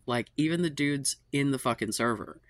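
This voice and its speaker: A man speaks at normal speed in a mid-range voice, with no echo on the recording. He's a channel host offering dating advice, and his frustrated monologue to camera is exasperated and profane, punctuated by sighs and trailing off as he sounds worn out.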